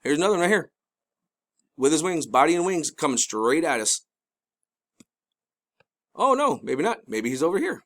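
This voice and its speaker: A middle-aged man giving casual commentary over a video, urgent and pleading, rambling with many restarts and excited bursts. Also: on the high side, normal speed, long pauses. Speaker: video host.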